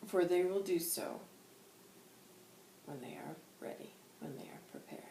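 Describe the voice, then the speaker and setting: A woman voicing a wise, gentle old male spirit guide who speaks in solemn, old-fashioned phrasing. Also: on the low side, a little slow, gravelly. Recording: roomy echo with faint background noise.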